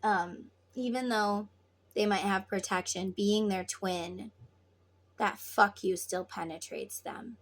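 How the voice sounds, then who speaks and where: A woman's voice: medium pitch, steady tone, slow. A woman tarot reader giving spiritual advice in an earnest, casual way, repeating herself and swearing now and then.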